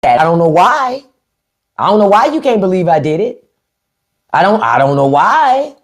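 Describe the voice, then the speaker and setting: A woman's voice: on the low side, big pitch swings, moderate pace. A woman hosting a live stream in an unfiltered, profane and sarcastic rant, with features. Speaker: livestream host.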